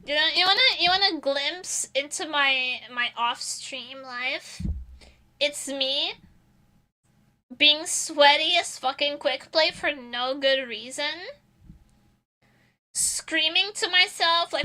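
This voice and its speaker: A young woman chats casually on her stream, self-mocking and swearing freely. Her voice sits high and bright, and she talks at an unhurried pace. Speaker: vtuber streamer.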